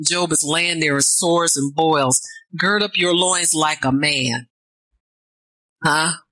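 A woman's voice: low-pitched, takes it slowly, dry recording, poor audio. A woman preaching a sermon, reading scripture and answering herself with asides that rise toward fervent calls. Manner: call-and-response asides, rising to fervent near-shouts.

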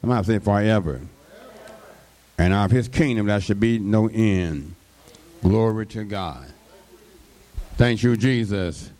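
A man's voice: fairly low pitch, slow, pauses often, a little mellow. A man preaching a sermon, drawing out his words and breaking in with frequent call-and-response interjections to the congregation.

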